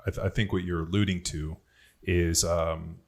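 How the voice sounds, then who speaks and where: A man's voice: low voice, flat delivery, moderate pace, darkish tone. A man on a podcast telling rambling, profane stories about football and strength. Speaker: podcast host, former NFL player. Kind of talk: casual podcast chat.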